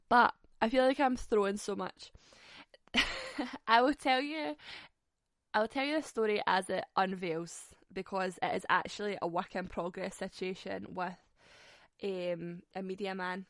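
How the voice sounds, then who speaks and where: A woman's voice: mid-range voice, creaky, fairly bright tone, dry recording. A woman in her twenties hosting a podcast in a sassy, sweary, laughing chat. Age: 20s. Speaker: podcast host. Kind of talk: casual solo podcast chat.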